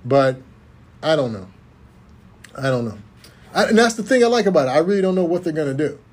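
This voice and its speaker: Animated man in casual movie talk. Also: a little high, a little fast. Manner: animated, laughs often, repeats words. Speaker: podcast co-host.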